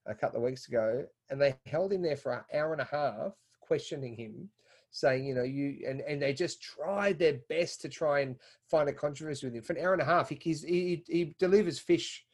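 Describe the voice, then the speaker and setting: Animated Australian man, fairly high voice. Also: fairly quick. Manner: animated, repeats words when heated. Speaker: podcast guest. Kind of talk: casual conversation.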